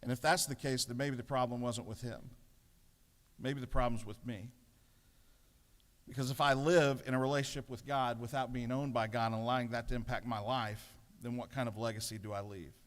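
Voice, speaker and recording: Pastor preaching in a reverberant chamber. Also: male voice, medium pitch, fairly even intonation, moderate pace. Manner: storytelling, self-deprecating humor. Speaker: pastor giving the morning devotion. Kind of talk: sermon. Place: large legislative chamber. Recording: long reverb of a large chamber.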